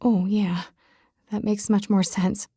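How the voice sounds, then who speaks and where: A woman voicing a flustered, panicky young woman in an audiobook, with high-strung exclamations. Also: flat delivery, takes it slowly, dark tone, slightly rough, no room sound, clean studio sound. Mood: hushed. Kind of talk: audiobook dialogue reading.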